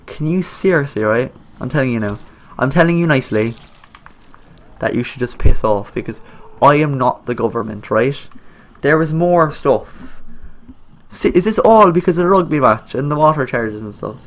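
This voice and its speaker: A man's voice: mid-range voice, expressive, moderate pace. A young man with an Irish accent, rambling jokily over a video game he plays, talking back at the characters on screen and swearing a lot. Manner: coarse slang and swearing. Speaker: gaming YouTuber. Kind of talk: let's play commentary.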